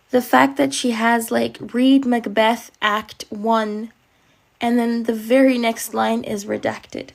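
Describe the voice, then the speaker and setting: Young woman streamer, casual slangy reactions, emotional delivery; slow pace, gravelly fry. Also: fairly high pitch, fairly even intonation. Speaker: livestreamer. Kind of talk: casual livestream commentary.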